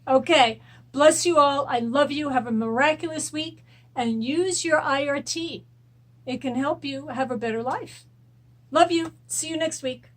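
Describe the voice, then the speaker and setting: A woman's voice: sits high, moderate pace. A woman hosting a weekly self-help show, guiding listeners through a tapping exercise with repeated affirmations. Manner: repetitive affirmations, gentle coaching. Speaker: host and rapid eye technician.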